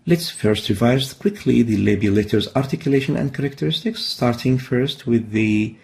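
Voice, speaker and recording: A man teaching Quran recitation in a recorded lesson, explaining patiently and demonstrating each sound slowly and carefully. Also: fairly low pitch, vocal fry, warm tone.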